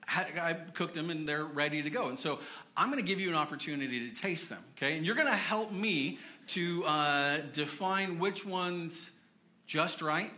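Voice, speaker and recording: A man's voice: on the high side, moderate pace, bright, forceful tone, reverberant. A man preaching a casual sermon in church, chatty and self-deprecating, with many fillers and restarts.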